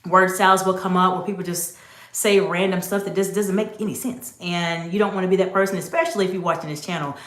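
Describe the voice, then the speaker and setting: A woman's voice: on the low side, fairly even intonation, quick pace, a bit bright. A woman executive coach giving an instructive talk, speaking directly and emphatically to the viewer. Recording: roomy echo.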